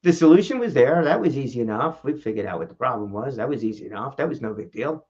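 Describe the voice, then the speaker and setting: A fast-talking man, host of his own public-speaking vlog and a speaking coach, addresses the camera casually and animatedly. He asks many rhetorical questions and varies his pitch for emphasis, recorded through a camera mic with dull audio.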